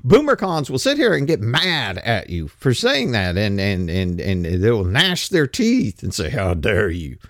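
A man's voice: mid-range voice, wildly swooping pitch, unhurried, few pauses, no room sound, studio quality. A man in his fifties delivering a blunt, opinionated monologue, ranting and swearing casually. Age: 50s.

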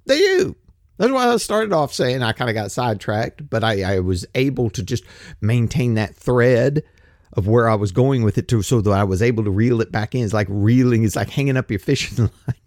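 Ranting man, lively pitch. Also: moderate pace, dry recording, studio quality. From United States. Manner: blunt, ranting, profane, with rambling asides. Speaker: commentator. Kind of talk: solo opinion monologue.

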